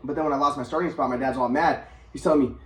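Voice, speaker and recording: A man's voice: mid-range voice, steady tone, rapid-fire, husky. A young adult man vlogging, telling a personal story in a rambling, aggrieved way with frequent restarts.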